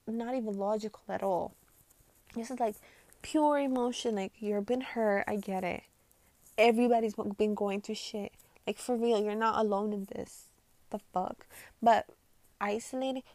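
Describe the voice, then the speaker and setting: A woman vlogging her reactions to posts in a casual, profane rant, swinging between loud outbursts and muttered asides, full of "like". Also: on the high side, no room sound. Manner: heavy swearing and filler "like".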